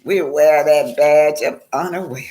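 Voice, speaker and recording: A woman talking casually on her own live stream, repeating her points for emphasis and laughing often. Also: low voice. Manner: warm greetings, emphatic repetition, slow drawn-out phrasing. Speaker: vlogger.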